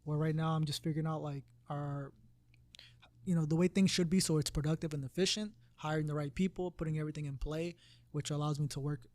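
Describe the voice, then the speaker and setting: A man co-hosting a casual podcast, talking in a rambling, halting way with many restarts. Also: on the high side, darkish tone, dry recording. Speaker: podcast co-host. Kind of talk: casual conversation.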